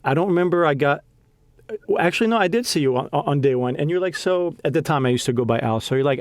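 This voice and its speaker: A young man with an animated, somewhat high voice hosts a podcast, with no room sound on the recording. In a casual conversation he speaks with heartfelt emotion, halting and often restarting his sentences.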